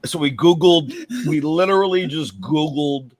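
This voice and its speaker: A man telling a wild story as an interview guest, animated and emphatic, swearing freely. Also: a little high, moderate pace, very noisy. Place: club stage.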